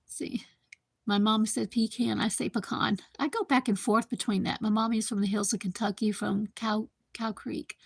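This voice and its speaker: A woman's voice: medium pitch, fairly even intonation, normal speed, gravelly, husky, dry recording. A woman, rambling casually as she hosts a live stream from her home kitchen and chats with viewers by name. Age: 50s. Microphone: computer microphone.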